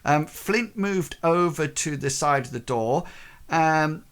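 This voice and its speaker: Slow, halting male game master. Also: a little high, expressive, fairly bright tone, clean tone. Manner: slow, hesitant recap with many fillers. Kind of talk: narrating a tabletop game.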